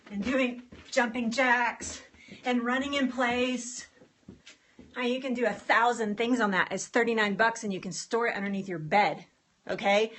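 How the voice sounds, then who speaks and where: A woman's voice: fairly high pitch, bright, forceful tone. A woman health coach chatting casually on a live stream, upbeat and talking straight to her viewers about getting started with exercise.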